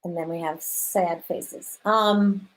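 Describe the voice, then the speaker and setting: A woman chairing a school council meeting over a video call, casual and quick to laugh. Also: lowish voice, fairly even intonation, rough recording. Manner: casual, laughing, running the vote.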